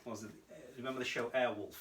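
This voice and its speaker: Male podcast co-host, mid pitch, animated storytelling, roomy echo, distant mic. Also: racing, slight background noise. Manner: animated storytelling, laughs often. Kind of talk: casual chat.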